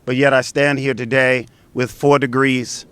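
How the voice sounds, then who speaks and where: A man's voice: mid-range voice, flat delivery, a little slow, a bit bright, clean tone. A man giving an earnest ceremony speech, building his points with repeated phrases.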